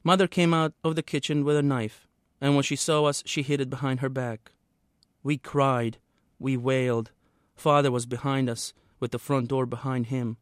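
A man, the author, reading a passage from his own novel aloud in a steady, measured way. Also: medium pitch, clear, resonant tone, no room sound, clean studio sound.

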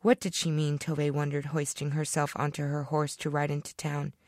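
A woman's voice: low-pitched, completely flat delivery, fairly quick, darkish tone, dry recording, studio quality. Woman reading her own story aloud.

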